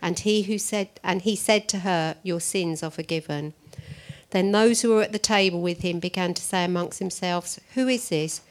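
Brief: a woman with a lower voice, a volunteer reading scripture at a church meeting, even and measured. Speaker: scripture reader.

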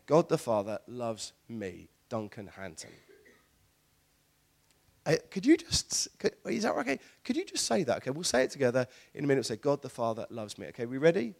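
A man preaching a sermon in church, animated, with laughing asides and repeated words. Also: mid-range voice, creaky. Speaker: pastor.

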